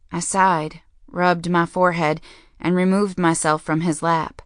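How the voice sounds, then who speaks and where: A woman reads a first-person romance audiobook with a wry, playful touch. Her voice sits low and unhurried, smooth and clear. The recording is dry and close to the mic. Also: little pitch movement, dry recording. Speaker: audiobook narrator.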